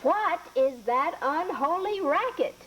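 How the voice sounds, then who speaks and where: A woman voicing a gruff, blunt old woman who scolds brusquely. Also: high-pitched, lively intonation, slow, fairly bright tone, slight background noise, voice pushed up, full character voice, rough recording.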